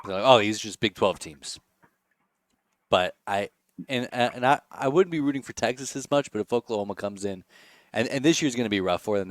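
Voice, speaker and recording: Male podcast co-host, wry joker, fairly low voice, dry close sound. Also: no room sound. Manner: wry, joking, repeats words. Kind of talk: casual sports chat.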